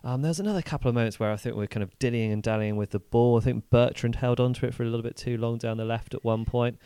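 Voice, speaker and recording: Man, podcast co-host: measured, analytical, smooth voice, dry close sound. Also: mid-range voice, steady tone, warm tone, no room sound. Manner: measured, analytical, hedging with "kind of". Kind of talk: casual chat.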